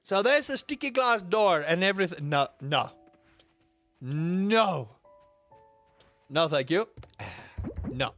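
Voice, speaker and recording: A young gaming YouTuber with a high-sitting voice talks slowly, pausing often, while faint music plays behind him. He chats casually as he plays, telling stories in a rambling, exaggerated way with animated outbursts and wandering asides.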